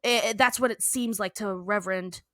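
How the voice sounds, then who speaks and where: A woman's voice: medium pitch, brisk, pushed and bright, no room sound, studio quality. A young adult woman co-hosting a podcast, casually recapping a cartoon episode, laughing often and acting out the characters' lines. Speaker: podcast co-host.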